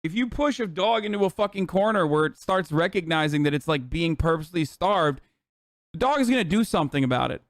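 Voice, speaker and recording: Heated, profane male streamer with high voice. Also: animated, brisk, no echo, clean studio sound. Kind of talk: political rant to chat.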